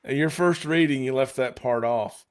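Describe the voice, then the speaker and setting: A man's voice: medium pitch, normal speed, clear, resonant tone. A man in a casual livestream chat, reading comments aloud in a wry way.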